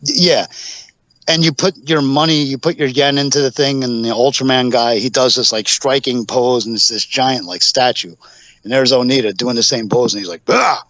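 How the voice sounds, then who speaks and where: A man's voice: medium pitch, steady tone, normal speed, a bit bright, dry recording. Rambling man telling stories, dull lo-fi audio. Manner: rambling anecdotes full of fillers. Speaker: podcast guest, pro wrestler. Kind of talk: casual storytelling interview.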